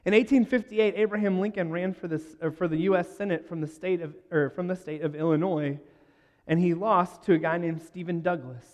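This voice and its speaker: A man's voice: high-pitched, steady tone, fairly quick, a little mellow, in a large hall. A man telling self-deprecating stories to a live audience, with joking asides and laughter. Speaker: speaker addressing a live audience. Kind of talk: humorous talk to a crowd.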